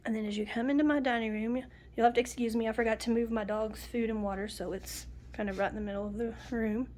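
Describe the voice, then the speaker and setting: A middle-aged home decor vlogger walks through her place item by item, chatty and homey despite a nasal, sniffly cold. She talks quickly in a slightly high, fairly even voice with a darkish tone.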